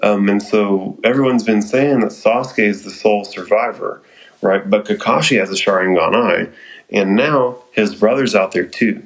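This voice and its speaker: Man, lowish voice, casual anime recap, swearing, chatty, excitable asides. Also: normal speed, rough recording. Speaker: anime episode reviewer.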